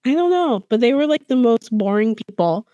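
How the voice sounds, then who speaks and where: A young woman co-hosting a podcast in casual chat, giggly and animated, with quick reactions. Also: on the high side, no echo, muffled recording. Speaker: podcast co-host.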